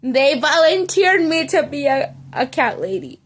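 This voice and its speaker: A woman telling a personal story in a casual vlog, animated and chatty, checking in with the listener and slipping into bits of Spanish. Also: high-pitched, a little slow. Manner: animated, keeps checking in with "okay?" and "you know?". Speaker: storytelling vlogger.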